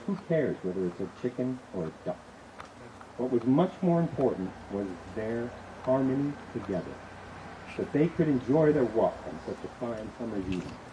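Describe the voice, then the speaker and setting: A man officiating an outdoor wedding, telling a story in a relaxed, lightly joking way. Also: medium pitch, noisy background. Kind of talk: wedding ceremony address. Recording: outdoor ceremony with insects and birds.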